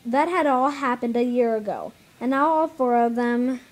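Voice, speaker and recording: Woman reading a kids' book out loud, high voice, keeps tripping and restarting. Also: animated, poor audio. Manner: halting, with many stumbles and restarts. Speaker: reader. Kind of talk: reading a children's novel aloud.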